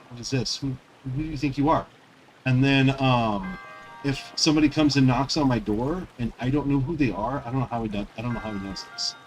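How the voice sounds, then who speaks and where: This gaming streamer has a mid-range, slightly mellow voice captured in a low-quality recording. While he plays, he talks in a loose, rambling way, full of fillers.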